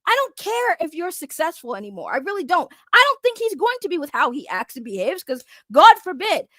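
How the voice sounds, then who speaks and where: A woman YouTuber ranting in a heated, mocking, profane way to her viewers, often surging loud and fast. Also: sits high, sing-song, no echo. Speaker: drama commentary YouTuber. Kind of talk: heated rant to camera.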